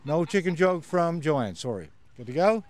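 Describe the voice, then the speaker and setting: A man chatting slowly outdoors at a beach, halting with many fillers. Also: a little high, big pitch swings, darkish tone. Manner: slow, halting, full of uh. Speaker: campground guest. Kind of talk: casual chat.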